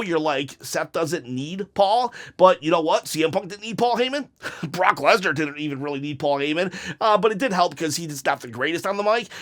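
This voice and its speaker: A man talking casually and animatedly as a wrestling YouTuber, pitching match ideas with frequent restarts and laughs. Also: a bit bright. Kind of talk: casual fantasy-booking commentary.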